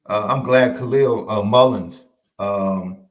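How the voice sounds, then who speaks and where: A man with a fairly low voice speaks slowly as a co-host on a sports podcast. The chat is casual, and he is animated, stressing his points by repeating them.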